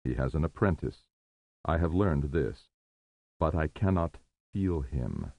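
Ancient grim Death, extremely deep voice, gravelly, slow, measured, tinny narrow sound. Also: male voice, very animated, no echo, heavily acted. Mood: solemn. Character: ancient grim male Death figure, solemn.

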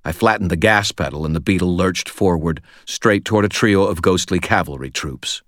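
A man reading a first-person novel aloud in a steady, measured storytelling voice, recorded close to the mic. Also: sits low, no echo. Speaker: audiobook narrator.

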